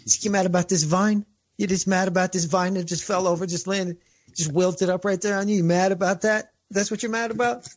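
A man's voice: sits high, fairly even intonation, brisk, pitched above the performer's own voice. A man acting out God as an exasperated, teasing voice scolding a sulky prophet with incredulous, mocking questions.

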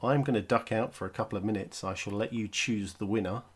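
Co-host, male, from the United Kingdom, low voice, brisk explainer. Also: breathy edge. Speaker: podcast co-host. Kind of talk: casual podcast chat.

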